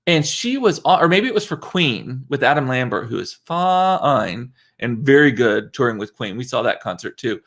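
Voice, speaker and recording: A man's voice: mid-range voice, very animated, moderate pace, hardly any pauses, fairly bright tone. Chatty man hosting a livestream. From South Texas. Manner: chatty and rambling, with many fillers and restarts. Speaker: livestream host. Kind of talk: casual live-stream chat.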